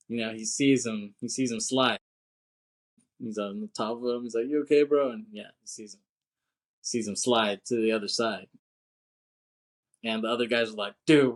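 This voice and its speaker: A man co-hosting a podcast, chatting casually about a film in a laid-back, slangy way, swearing and laughing often. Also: mid-range voice. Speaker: podcast co-host.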